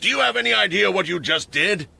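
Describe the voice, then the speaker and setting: A big, harsh expedition commander who barks stern orders, as a male narrator acts him out. His voice swings wide between shouting and a low, cold growl, in a fantasy story retelling. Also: animated, fast talker, gravelly, exaggerated voice. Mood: furious.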